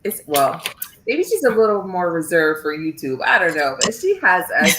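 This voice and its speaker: A woman who works as a teacher chats as a guest, telling lively stories and laughing often. Her voice sounds roomy, with echo and faint background noise. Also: on the low side, normal speed.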